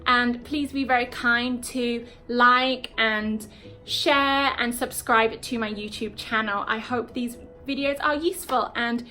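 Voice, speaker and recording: A British woman teaching English in a casual video lesson, explaining slowly and checking in with "okay?" often. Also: fairly high pitch, steady tone, pushed and bright, soft background music. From Britain. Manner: explains slowly, repeats words, frequent "okay?".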